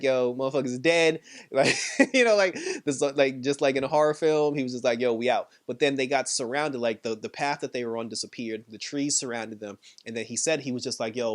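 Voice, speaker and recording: A man recapping a TV episode in a chatty, off-the-cuff way. He laughs often and fills his talk with "like" and "you know." His voice sits at a middle pitch. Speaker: TV show reviewer.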